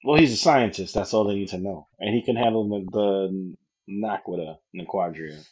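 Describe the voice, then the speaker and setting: A man co-hosting a podcast, chatting casually and sometimes pausing to search for words. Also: low-pitched, slightly rough. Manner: relaxed, searches for words with fillers. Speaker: podcast co-host. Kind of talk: casual chat. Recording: dull lo-fi recording.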